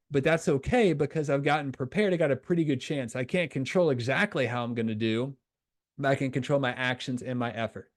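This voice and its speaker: A man coaching young soccer players on mental skills, energetic and acting out the voices in their heads. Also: mid-range voice. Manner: energetic, acts out inner voices. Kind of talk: coaching talk to a youth soccer team.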